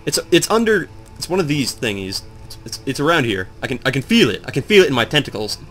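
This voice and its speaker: Still groggy after waking, this let's play commentator talks quickly to his viewers, rambling excitedly and swearing a lot about how confused he is. His voice is bright and forward with big, lively pitch swings, over faint game music.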